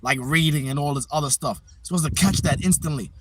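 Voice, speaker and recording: A man's voice: fairly high pitch, fast talker, breathy edge, no echo. A man livestreaming outdoors from a phone on a tripod, chatting casually and playfully trash-talking his viewers. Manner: boastful, playful trash-talk at the chat. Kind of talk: casual live-stream chat.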